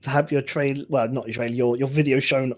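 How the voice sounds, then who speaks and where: A man's voice: medium pitch, steady tone, a little fast, darkish tone. A man co-hosting a show, explaining the rules of a challenge in a rambling, chatty way with many fillers. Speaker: co-host. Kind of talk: casual chat.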